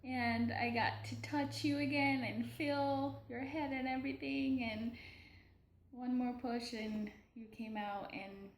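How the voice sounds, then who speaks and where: A young woman recording a personal video diary for her daughter, talking in an emotional, hesitant way with many pauses and restarts. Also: a little high, roomy sound, a little hiss or hum. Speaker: mother keeping a video diary.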